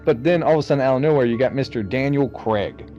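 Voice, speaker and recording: Swearing storyteller, dull lo-fi audio. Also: male voice, mid-range voice, fast talker, warm tone, soft background music. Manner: storytelling recap, swears casually. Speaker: podcast co-host. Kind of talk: casual movie chat over beers.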